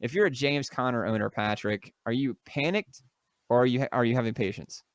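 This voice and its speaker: A young man chatting casually as co-host of a sports podcast, with a smooth, resonant voice. He jokes around and rambles, full of fillers and restarts. The sound is dry and close, with no room around it. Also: mid-range voice, brisk, no room sound. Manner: jokey, loose, lots of fillers and restarts.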